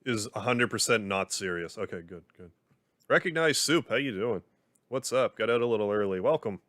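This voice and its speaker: On a clean studio recording with no echo, a man with a low-leaning, expressive, slightly bright voice streams a game live at a moderate pace. Using a desk mic, he chats casually with his audience, rambling and leaning heavily on "like."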